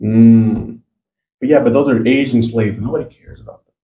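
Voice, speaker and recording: A man's voice: mid-range voice, normal speed, mellow, lo-fi sound. A man hosting a casual chat, joking around, swearing freely and laughing often. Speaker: podcast host.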